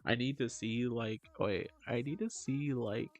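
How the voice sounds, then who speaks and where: A man streaming casually, reading chat aloud and answering in an animated, joking way. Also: medium pitch, a little slow.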